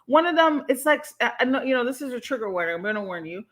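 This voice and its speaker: A young adult woman hosting a casual livestream, talking in an animated, emphatic way and swearing freely. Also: on the high side, very fast. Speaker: livestream host.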